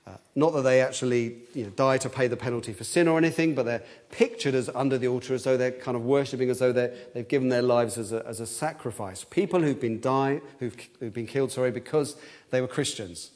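Speaking quickly in a darkish voice, a man preaches an expository sermon with real earnestness. He tends to repeat words while thinking aloud, and whenever he quotes a cry, he lifts his voice higher and louder.

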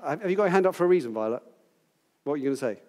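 A man's voice: fairly high pitch, expressive, rapid-fire, a little mellow, big-room sound. Chatty older man teaching scripture. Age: 60s. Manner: chatty, playful, asks the group questions. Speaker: Bible teacher. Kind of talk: informal Bible teaching to a group.

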